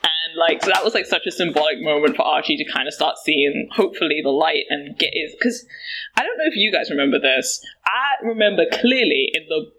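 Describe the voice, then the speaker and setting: A woman talking in a casual podcast chat, fast and animated, laughing as she talks. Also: low-pitched, slight background noise, low-quality recording. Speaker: guest podcaster.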